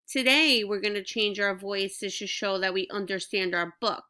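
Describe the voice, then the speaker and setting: A woman teacher giving a reading lesson to young children, speaking slowly and clearly in an encouraging way. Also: medium pitch, bright, forceful tone. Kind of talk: recorded classroom reading lesson.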